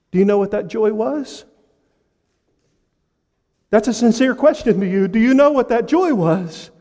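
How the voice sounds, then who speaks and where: A man preaching a sermon with impassioned rhetorical questions, pausing for effect and dropping to a hush. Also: very high voice, big-room sound. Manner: impassioned preaching with dramatic pauses and sudden drops to a hush. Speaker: pastor.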